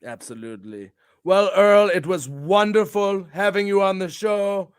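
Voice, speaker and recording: A man's voice: high-pitched, a little slow, clean tone, dry recording, studio quality. A man hosting a casual livestream show, brash and hyped, swearing freely and plugging his wrestling bookings. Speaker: host.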